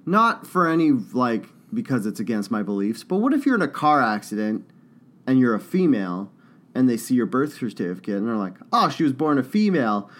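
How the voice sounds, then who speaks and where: A man's voice: medium pitch, sing-song, fairly quick. A man co-hosting a casual comedic chat, joking and slipping into put-on accents as he tells stories. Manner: joking, puts on accents mid-story. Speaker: podcast co-host.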